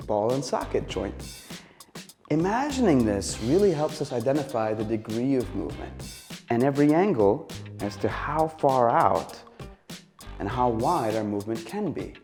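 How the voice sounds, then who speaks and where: A man leading a guided body exercise session, calmly coaching listeners through stretches and breathing with audible sighs. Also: medium pitch, gravelly. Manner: calm, encouraging, coaching through movements with sighs. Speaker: exercise instructor.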